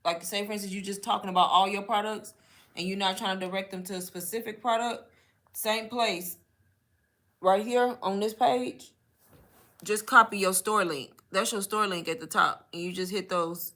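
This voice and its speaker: A woman's voice: medium pitch, bright, forceful tone. Chatty woman coaching. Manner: chatty, instructive, often says y'all. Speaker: online marketing coach. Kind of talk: casual live Q&A teaching.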